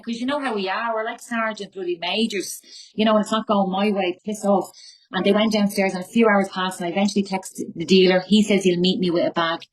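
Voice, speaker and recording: A woman's voice: low-pitched, poor audio. A woman in her forties with a Tipperary Irish accent, giving a raw, emotional recovery share from her bedroom at home, swearing freely. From Ireland. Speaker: recovery meeting speaker.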